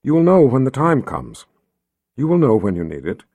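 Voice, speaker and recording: A man reading aloud, voicing a gentle, soothing motherly woman who speaks softly. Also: mid-range voice, wildly swooping pitch, moderate pace, breathy edge, no echo.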